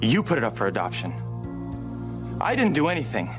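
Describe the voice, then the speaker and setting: Brief: sarcastic, betrayed young guy, fairly high voice with wide swings, music behind. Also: sing-song, fairly quick. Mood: angry. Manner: demanding, sarcastic. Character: betrayed young man demanding answers. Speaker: soap opera character. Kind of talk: daytime soap acting.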